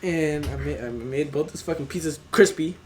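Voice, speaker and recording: A man's voice: on the high side, moderate pace, a little mellow, a little hiss or hum. A young man in his twenties co-hosting a podcast, telling a rambling, profane work story and laughing as he goes. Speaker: podcast co-host. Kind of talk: casual storytelling chat.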